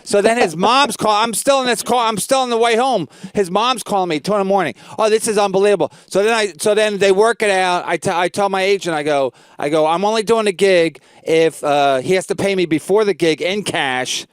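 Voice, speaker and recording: A comedian hosting his podcast, telling a rambling story full of swearing. His voice sits high and comes out smooth and resonant. The sound is close and dry. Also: a little fast, hardly any pauses, no echo. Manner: profane, rambling, repeats "I go". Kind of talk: casual storytelling chat.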